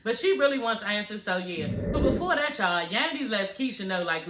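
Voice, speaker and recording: A woman's voice: mid-range voice, lively intonation, a little fast, hardly any pauses, bright, forceful tone, roomy sound, low-quality recording. A woman recapping a reality TV episode for her viewers in a sassy, gossipy, profane way, talking straight to them. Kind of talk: casual recap vlog.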